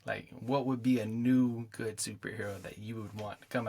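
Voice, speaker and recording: A man co-hosting a gaming podcast, spinning a rambling, animated story. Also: fairly low pitch, moderate pace, vocal fry, husky. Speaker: podcast co-host. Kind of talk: casual chat, storytelling.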